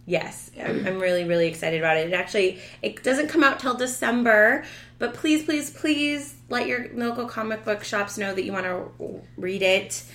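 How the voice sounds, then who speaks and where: A woman co-hosting a casual podcast, talking in a gushing, excitable way with lots of emphasis. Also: a little high, moderate pace. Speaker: podcast co-host.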